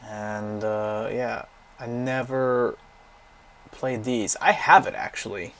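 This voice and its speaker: A man's voice: mid-range voice, takes it slowly, a bit bright, slight background noise. Blunt, swearing young man browsing games. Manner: rambling, profane, blunt opinions. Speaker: gaming vlogger. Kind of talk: casual commentary browsing a game library.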